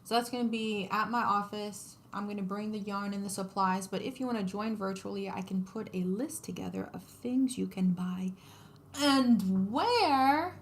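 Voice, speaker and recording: A woman hosts a relaxed craft livestream, talking to viewers as she works. Her voice sits at a middle pitch, casual and friendly in delivery. A faint noise floor hangs behind her, as on a home phone stream. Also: normal speed, hardly any pauses. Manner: chatty, laughs often, talks to her viewers. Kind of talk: casual livestream chat while embroidering.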